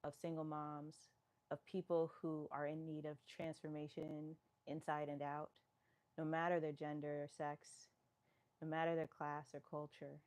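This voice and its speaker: A woman's voice: deep voice, completely flat delivery, normal speed, darkish tone. A woman from New York, a fitness live-stream host, chatting casually as she reads viewer comments aloud and answers them.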